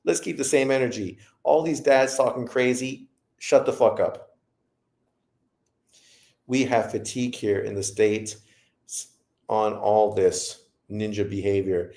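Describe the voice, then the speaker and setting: A man's voice: fairly low pitch, dark tone, roomy sound. A man hosting a boxing livestream who rants in profane commentary. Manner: profane, ranting. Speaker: boxing show host.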